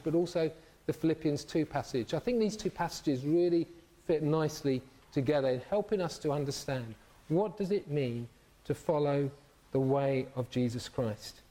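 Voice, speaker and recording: A man's voice: a little high, dark tone. A middle-aged man preaching a sermon, telling stories animatedly and acting out the voices of the people in them.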